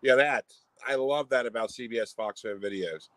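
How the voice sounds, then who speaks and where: A man's voice: medium pitch, normal speed, a bit bright, dry recording, low-quality recording. A man co-hosting a casual stream about collecting, talking bluntly and opinionatedly, often restarting his sentences. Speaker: co-host of a video collecting stream. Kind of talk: casual chat.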